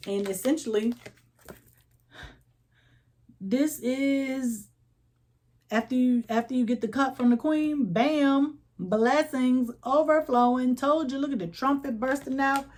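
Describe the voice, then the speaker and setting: A woman's voice: medium pitch, a little mellow. A woman giving a casual tarot reading, telling it like a story, acting out little voices and checking in with "okay?" all the time. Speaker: tarot reader.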